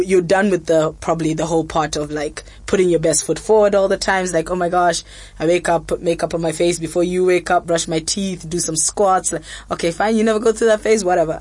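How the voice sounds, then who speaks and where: A young woman talks frankly and casually as a podcast host, with lots of fillers and lively quoted asides. Her voice sits a little low and sounds close and dry, with no room around it. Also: no room sound. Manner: frank, chatty, many fillers, animated quotes. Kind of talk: candid casual chat.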